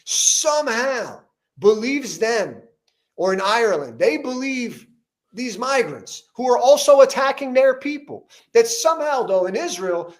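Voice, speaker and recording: A man's voice: extremely high pitch, sing-song, measured pace. A man hosting an interview, talking emphatically with frequent restarts and rising intensity as he gets worked up. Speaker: podcast host interviewing a politician. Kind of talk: heated conversational interview.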